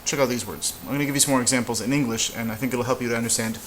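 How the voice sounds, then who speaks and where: A man teaching a casual whiteboard lesson, relaxed and halting, with frequent fillers and restarts. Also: mid-range voice, slight background noise, poor audio. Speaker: Spanish teacher.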